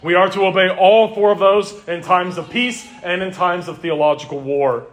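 A man with a high voice preaches an expository sermon. He talks earnestly and emphatically, and he builds his points through repeated lists. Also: moderate pace. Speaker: pastor.

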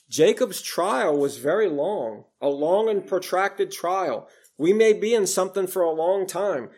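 A man preaching a sermon, quoting scripture in old King James wording and swinging from loud emphasis to quiet, low passages. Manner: rises and falls in volume, emphatic then hushed.

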